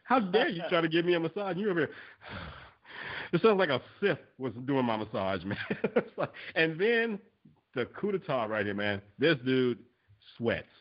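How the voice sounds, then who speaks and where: Male podcast co-host, casual storyteller, lively swooping pitch, slightly dull lo-fi sound. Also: moderate pace. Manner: animated storyteller, acts out quotes, laughs often. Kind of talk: casual chat.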